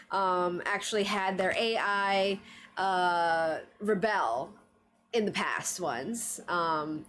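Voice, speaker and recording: A woman streamer chatting casually on a livestream, full of fillers and frequent laughs. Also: on the low side. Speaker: streamer reviewing anime trivia.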